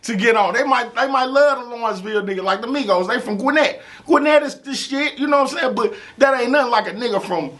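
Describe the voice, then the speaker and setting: A man from St. with a gravelly voice, telling stories in a casual interview, animated and profane, often saying "you know what I'm saying.". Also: very high voice, fast talker, hardly any pauses. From St. Louis, USA. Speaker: rapper interview guest.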